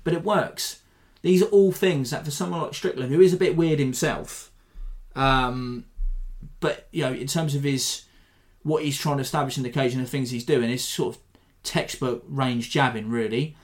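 A man hosting a podcast, giving a rambling, animated breakdown of a fight in a self-deprecating way. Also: medium pitch, normal speed. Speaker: podcast host. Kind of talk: casual fight analysis.

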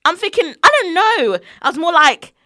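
A woman's voice: very high voice, big pitch swings, normal speed, sharp tone, no echo, clean studio sound. A woman telling a heated personal story on a casual podcast, swearing often. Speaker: podcast co-host.

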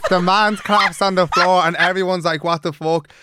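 A young Irish man with a Dublin accent co-hosts a podcast, telling a story in casual chat while swearing a lot and acting out the people he quotes. His voice is high-pitched with fairly even intonation at a moderate pace, and the recording is very noisy.

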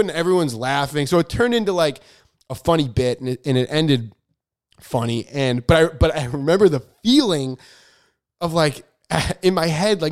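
A man's voice: on the high side, normal speed, smooth. A man hosting a podcast, telling a story in casual chat, rambling with lots of fillers and poking fun at himself. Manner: rambling, filler-heavy, self-deprecating. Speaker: podcast host.

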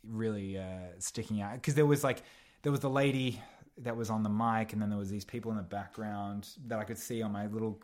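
A man's voice: fairly low pitch, steady tone, brisk, darkish tone. A young man, an actor guest on a podcast, chatting casually and meandering through his thoughts with lots of fillers and restarts. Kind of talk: casual chat.

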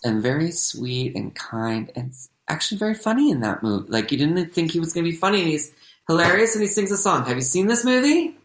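An actor talks in a loose, rambling way, full of "like"s and restarts. The voice sits at a middling pitch, and the room gives it a noticeable echo. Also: very animated, fairly quick. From United States. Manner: chatty, rambling, many restarts and "like"s. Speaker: guest, actor. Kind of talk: casual podcast chat. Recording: roomy echo.

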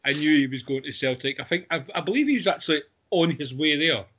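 A man's voice: a little high, fast, a bit bright. Laughing man hosting a football podcast. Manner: laughing, jokey, loose. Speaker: podcast host. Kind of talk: casual football chat. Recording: muffled lo-fi audio with faint noise.

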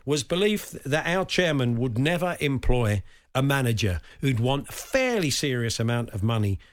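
A man's voice: medium pitch, big pitch swings, moderate pace. A man hosting a casual football talk show, chatty and wry, thinking aloud. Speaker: radio sports talk host.

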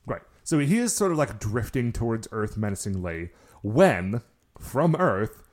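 A man's voice: fairly low pitch, very animated, a little slow. A man in casual podcast chat, recapping a TV show and fondly correcting plot details. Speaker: podcast co-host.

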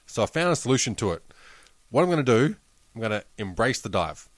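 A man's voice: mid-range voice, sing-song, brisk, no room sound. A man with an Australian accent, chatting casually as a podcast co-host, swearing freely and laughing at his own jokes. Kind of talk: casual chat.

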